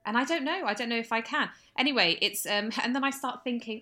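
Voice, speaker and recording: Woman, thirties, bright tone, wry, self-deprecating, casual co-host chat. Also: a little high, animated, fast, few pauses. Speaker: podcast co-host.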